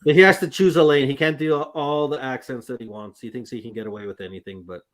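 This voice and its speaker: A man co-hosts a casual football talk stream and trades joking, self-deprecating banter. His voice sits at an ordinary middle pitch. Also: steady tone, fast. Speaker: co-host.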